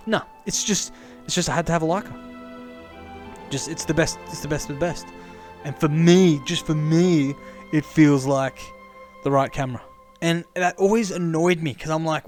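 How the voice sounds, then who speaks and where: A young man rambling excitedly to camera, repeating himself as he thinks aloud. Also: on the high side, moderate pace, faint music behind. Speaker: camera vlogger. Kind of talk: casual rambling monologue.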